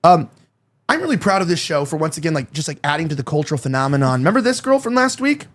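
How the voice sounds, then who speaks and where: Male host from Los Angeles, high-pitched, loose rambling delivery. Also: very animated, fast talker. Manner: rambling, frequent fillers and restarts. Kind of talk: casual panel talk.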